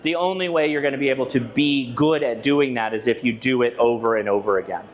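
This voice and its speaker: A man speaking at an ordinary mid pitch gives a presentation at a club meeting. He talks in a loose, chatty storytelling way, restarting sentences and tossing asides to the listeners. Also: fast. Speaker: ham radio channel presenter giving a club talk. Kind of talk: conversational presentation to a live audience. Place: club meeting room with a live audience.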